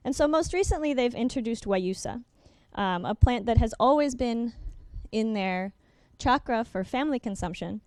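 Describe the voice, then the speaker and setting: A young adult woman walks through slides at a workshop in a smooth, clear voice that sits on the high side and sounds expressive and a little mellow. She talks quickly, with many ums and uhs, restarting sentences as she self-corrects. The sound is dry and close, with no room echo.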